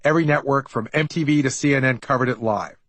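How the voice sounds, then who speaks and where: A middle-aged man reading his own memoir, wry and chatty, mid-pitched, dry close mic. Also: quick pace, a bit bright, no echo, poor audio. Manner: wry, conversational storytelling. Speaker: author narrating his memoir. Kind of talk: audiobook memoir narration.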